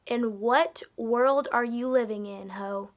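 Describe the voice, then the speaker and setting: A young woman telling a storytime vlog into her phone indoors, sassy and animated, with mocking quoted voices. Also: fairly high pitch, slow pace. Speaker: vlogger. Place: indoors by a wall.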